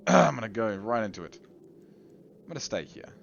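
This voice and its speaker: A man with a fairly low, gravelly, sing-song voice at a measured pace gives casual let's-play commentary on his gameplay, rambling and chuckling at himself. The audio is dull and lo-fi, with slight background noise and faint game music.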